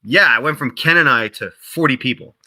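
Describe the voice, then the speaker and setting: A man being interviewed about game development, telling stories in a casual, animated way, full of "like" and "you know", and acting out what others said in a raised voice. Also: fairly quick, low-quality recording. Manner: animated storyteller who acts out quotes in a higher voice; heavy use of "like" and "you know".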